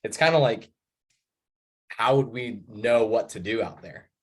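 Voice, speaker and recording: Male podcast guest, lowish pitch, modest and halting, casual chat. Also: husky. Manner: modest, halting, repeats words. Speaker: guest player.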